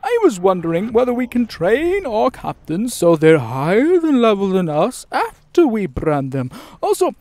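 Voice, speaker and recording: A man's voice: sits high, huge pitch swings, moderate pace, darkish tone, dry recording. A man putting on a pompous, mock-British voice to read out a fan's question, drawing his words out. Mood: inquiring. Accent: put-on British. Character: pompous British adult male fan asking questions.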